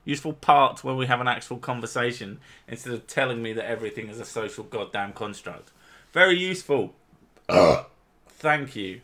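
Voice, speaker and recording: A man at home trading profane, argumentative banter with his wife in a casual chat. His voice sits at an ordinary pitch for a man but has a notably bright, forward edge. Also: moderate pace. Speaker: channel host.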